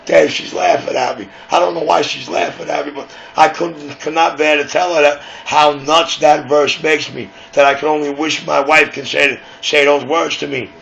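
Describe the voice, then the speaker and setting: A man's voice: on the high side, fairly even intonation, moderate pace, vocal fry, few pauses, fairly bright tone. A man with a New York accent hosting late-night radio, rambling and conspiratorial in casual talk. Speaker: radio show host. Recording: dull lo-fi recording with faint hiss.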